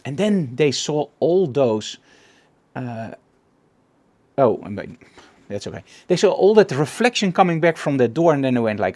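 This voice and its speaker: A man's voice: mid-range voice, big pitch swings, moderate pace, pauses often, darkish tone. Enthusiastic Dutch man presenting photos. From Netherlands. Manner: enthusiastic storytelling, repeats words for emphasis. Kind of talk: live presentation talk.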